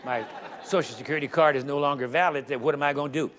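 A man preaching a sermon with emphasis, getting louder and slowing down on the words he stresses. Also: on the high side, steady tone, slight background noise. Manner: emphatic, rising to loud stressed phrases, slows down on scripture. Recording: long reverb of a large hall.

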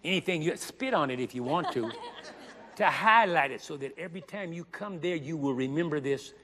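A male preacher delivering a sermon, with dramatic, drawn-out emphasis and joking asides. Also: a little high, expressive, bright, forceful tone, long reverb tail, a little hiss or hum.

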